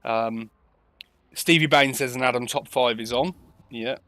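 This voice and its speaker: A man talks through an online race with a bright, forward voice. He keeps the commentary loose and chatty, poking fun at himself between calls. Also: mid-range voice, measured pace, no room sound. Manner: chatty, laughs often, self-deprecating. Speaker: sim racing commentator. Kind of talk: casual live commentary banter.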